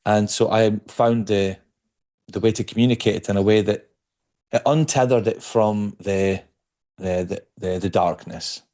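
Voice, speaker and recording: A podcast guest speaks in a fairly low male voice, thoughtful and unhurried in conversation. He often repeats a word or two while he searches for his phrasing. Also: steady tone, warm tone. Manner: reflective, repeats words as he searches for them. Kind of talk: conversational interview.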